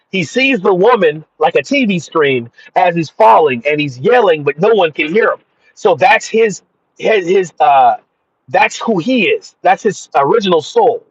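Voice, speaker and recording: A man's voice: high voice, breathy edge, dry recording. A man giving an emphatic, repetitive religious monologue about spirits. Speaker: spiritual commentator. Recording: dull dry lo-fi sound.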